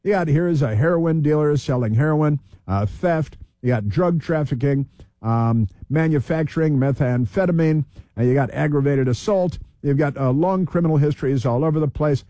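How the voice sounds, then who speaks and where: A man's voice: fairly high pitch, normal speed, dark tone, no echo. A man hosting political talk radio, heated, repeating himself and reeling off long lists.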